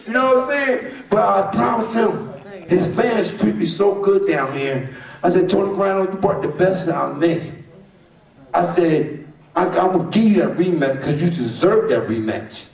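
High gravelly older boxer from New Jersey. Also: male voice. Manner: rambling, boastful, playful, leans on "you know what I'm saying". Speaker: boxer at a press conference. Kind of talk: press conference speech. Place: press conference room. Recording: echoey room from far off.

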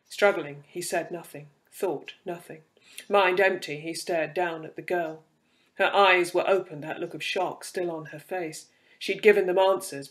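A man giving a measured, dramatic reading of dark fiction. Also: on the high side. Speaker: reader.

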